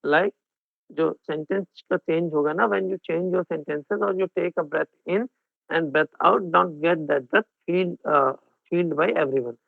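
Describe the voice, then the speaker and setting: Male Indian English tutor, raspy and high, mixes in Hindi, heard over a tinny, dry line. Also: quick pace, no room sound. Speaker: exam coaching teacher. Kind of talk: online class lecture. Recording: phone-like narrow band, dry.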